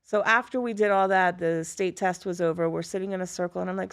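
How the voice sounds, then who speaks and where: A woman's voice: on the low side, fast talker, clean tone. A middle-aged woman from Florida, a former teacher, telling personal stories in conversation and acting out the dialogue she quotes. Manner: lively storyteller who acts out quoted dialogue. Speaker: guest, former high school teacher.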